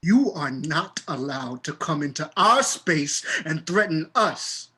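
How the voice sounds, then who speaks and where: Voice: mid-range voice, lively intonation, slow, bright, forceful tone. An actor voicing an angry, grieving young man in a play reading, speaking with defiance. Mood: defiant.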